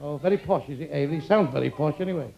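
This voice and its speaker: An older comedian works the crowd with crude insults and quick one-liners. His voice is gravelly and sits high for a man. The live club recording carries a lot of room noise. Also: highs cut off. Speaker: stand-up comedian. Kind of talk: stand-up crowd work. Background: audience laughter.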